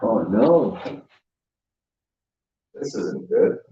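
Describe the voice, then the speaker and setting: A man's voice: on the low side, expressive, very slow, dark tone, lo-fi sound, a little hiss or hum. A man hosting a casual livestream, rambling, laughing and chatting with viewers over a beer. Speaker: livestream host.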